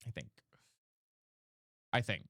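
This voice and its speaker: A man's voice: slow pace, pushed and bright, no echo. Chatty young man streaming live, dry sound. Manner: chatty, reads chat aloud and explains vocal technique. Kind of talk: casual live-stream chat.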